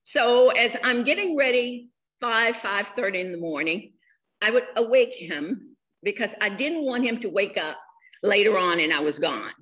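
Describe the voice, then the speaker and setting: A woman in her sixties giving a funeral eulogy, telling stories in a slow, heartfelt way. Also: mid-range voice, animated, fairly bright tone, lo-fi sound. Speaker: eulogy speaker.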